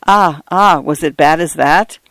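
An audiobook narrator voicing a fretful, excitable middle-aged family man who exclaims and sighs. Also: a little high, dry recording. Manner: exclaiming, fussing, drawn-out sighs.

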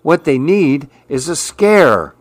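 Storybook loner, a grumpy, fussy man who wants everyone gone, exclaiming and insistent, as a man reading aloud puts him on; unhurried delivery, dry close sound. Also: on the high side, sing-song, dry recording, pitched above the performer's own voice, full character voice. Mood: frantic.

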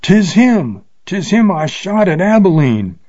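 A man's voice: medium pitch, lively intonation, unhurried, warm tone, husky. A man voicing a boastful Wild West gunfighter who blurts out his lines in a raised voice. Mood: terrified. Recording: slightly dull lo-fi recording.

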